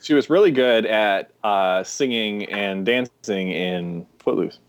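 A man with a lowish, clear, resonant voice co-hosts a podcast, casually reviewing a movie and acting out scenes in mocking quotes. He's animated, with quick asides. The audio is dull but has no echo.

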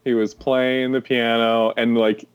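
A man co-hosting a podcast, retelling film scenes in a lively way and laughing often. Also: medium pitch, a little slow, smooth, muffled recording. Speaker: podcast co-host. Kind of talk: casual chat about a film.

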